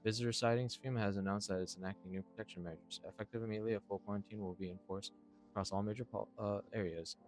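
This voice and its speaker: A man reading as a mock television news anchor in a quiet, hurried way. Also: on the low side, steady tone, soft background music, natural voice. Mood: dry. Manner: quiet, hurried, mocking read.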